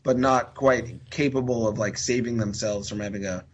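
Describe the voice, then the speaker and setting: A man's voice: mid-range voice, fairly even intonation, moderate pace, highs cut off, slight background noise. A man talking as a podcast guest in a rambling, chatty way full of fillers and restarts. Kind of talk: casual podcast chat.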